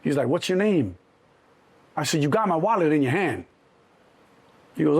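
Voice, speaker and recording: A middle-aged man from Chicago, a guest in an interview, telling his story in an animated way and acting out the people in it. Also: fairly high pitch, brisk, pauses often, slightly rough, dry recording. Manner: animated, acts out cops and himself in quotes.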